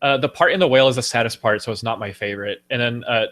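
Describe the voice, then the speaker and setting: A man hosting a casual podcast chat, playful and animated, slipping into quick silly voices from films. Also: medium pitch. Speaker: podcast host.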